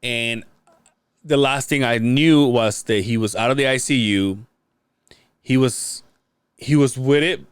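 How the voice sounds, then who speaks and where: A man's voice: mid-range voice, unhurried, pauses often, clean tone, no echo, clean studio sound. A man hosting a casual podcast, telling a long story with many stops and restarts. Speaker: podcast host.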